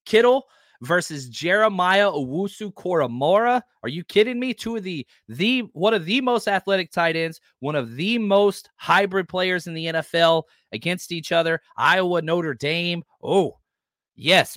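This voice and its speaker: A man hosting a sports podcast, talking casually and excitably about upcoming matchups and reacting to live comments. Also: high-pitched, unhurried, dry recording, studio quality. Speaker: podcast host.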